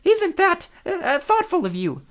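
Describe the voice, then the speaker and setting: A man voicing a timid young male satyr disguised as a bride, stammering nervously in falsetto. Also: wildly swooping pitch, moderate pace, fairly bright tone, heavily acted.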